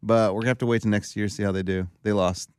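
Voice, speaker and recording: A man co-hosting a casual sports talk show, telling animated stories and acting out other people's voices. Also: fairly low pitch, fast, clear, resonant tone, no room sound, studio quality. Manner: animated storyteller, acts out voices. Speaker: co-host.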